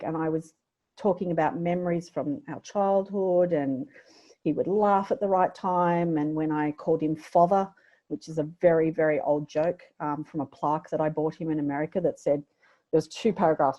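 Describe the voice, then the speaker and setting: A woman's voice: sits low, mellow. A middle-aged woman with an Australian accent, a podcast guest telling a personal story in a candid, reflective way. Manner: candid, reflective, emotional at times. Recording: dull lo-fi audio.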